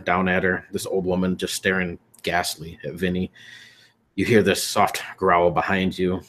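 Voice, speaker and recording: Guy with a deep voice gm-ing a horror game, laid back descriptive. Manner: graphic, descriptive narration with casual fillers. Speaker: game master. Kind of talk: narrating a horror tabletop game.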